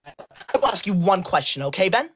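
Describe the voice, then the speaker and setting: A prim, rule-obsessed teacher's pet, played by a woman on a livestream, scolding in stiff, formal and deliberate sentences. Her voice sits at a middling height and swoops up and down with lively emphasis, and she takes offense easily. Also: on the low side, husky. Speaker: livestream host. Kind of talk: comic role-play on a livestream.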